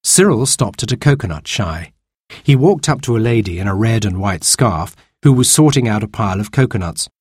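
A man reading a children's storybook aloud in an expressive way. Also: on the low side, a little fast, slightly rough, dry recording, studio quality. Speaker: narrator.

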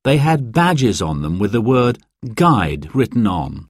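A man giving a slow, clear, expressive narration of a children's storybook. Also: on the low side, no echo, clean studio sound. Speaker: audiobook narrator.

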